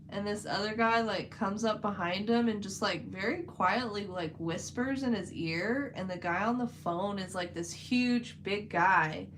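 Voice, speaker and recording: Woman rambling to her livestream chat, lots of "like", mid pitch, faint hum behind. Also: a bit bright, low-quality recording. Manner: chatty, rambling, many "like" fillers. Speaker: livestream host. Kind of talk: casual livestream chat while painting.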